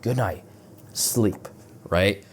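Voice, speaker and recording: A young man with a fairly low voice tells a story off the cuff, rambling and swearing, piling on filler words and laughing at his own jokes. A faint hum sits under the recording. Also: drawn-out words. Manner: acts out other people's lines in quoted voices. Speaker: vlogger. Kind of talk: casual storytelling.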